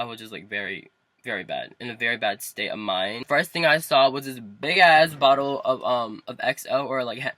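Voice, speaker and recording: Chatty young man, bright voice, in a car. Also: medium pitch, no room sound. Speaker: vlogger. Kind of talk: casual storytelling to camera. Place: inside a parked car.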